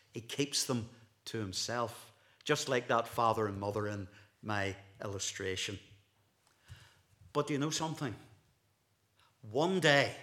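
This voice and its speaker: A middle-aged Scottish minister delivers a sermon with a bright, forward tone. His pitch rises and falls widely as he tells stories. He acts out the voices of the people in his anecdotes. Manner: animated storytelling, acting out voices in anecdotes.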